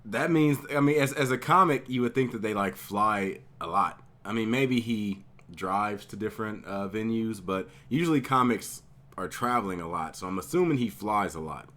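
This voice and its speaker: A man's voice: lowish voice, animated, normal speed, a bit bright. A man commenting casually on a clip, musing and thinking aloud as a reaction host.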